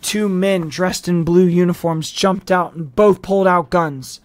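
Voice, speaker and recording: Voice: mid-range voice, steady tone, a little slow, no room sound. An audiobook reader narrating a novel with casual asides and small restarts. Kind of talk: storybook narration.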